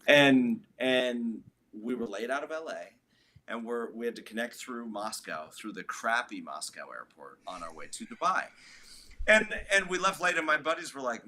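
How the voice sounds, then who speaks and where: A man's voice: mid-range voice, lively intonation, moderate pace, bright, forceful tone, a little hiss or hum. A man, a guest musician, telling a long story in a casual interview, rambling with lots of "like" and restarts.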